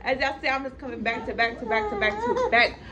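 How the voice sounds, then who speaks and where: Playful high-voiced young woman vlogger. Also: big pitch swings, quick pace. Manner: playful, teasing. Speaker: vlogger host. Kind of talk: casual chat. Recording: clear crowd noise behind.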